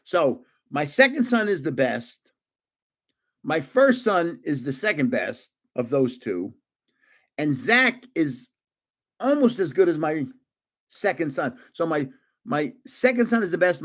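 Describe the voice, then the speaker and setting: Lively man in his seventies telling stories. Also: fairly high pitch, a little slow. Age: 70s. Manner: animated, laughs often, restarts. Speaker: livestream host. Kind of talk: casual storytelling.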